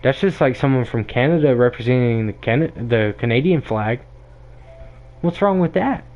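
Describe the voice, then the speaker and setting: A young man rants bluntly into the mic, hammering his points home and circling back over the same ideas. His voice sits at an ordinary middle pitch. The sound is thin and tinny, as if heard over a phone line. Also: animated, moderate pace, a little mellow. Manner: blunt, emphatic, ranting, repeats himself. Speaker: podcast host. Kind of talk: opinionated monologue.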